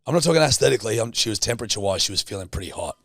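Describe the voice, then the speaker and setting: A man's voice: on the low side, expressive, racing, fairly bright tone, no room sound, clean studio sound. A man co-hosting a podcast in casual chat, teasing, swearing freely and laughing often. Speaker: podcast co-host.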